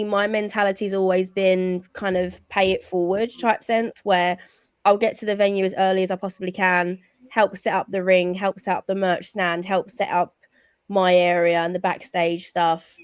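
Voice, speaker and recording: A British woman, a wrestling backstage interviewer, chatting casually as a podcast guest, quick and full of "like". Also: medium pitch, level tone, clean tone, no echo. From England. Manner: chatty, quick, says "like" a lot. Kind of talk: casual chat.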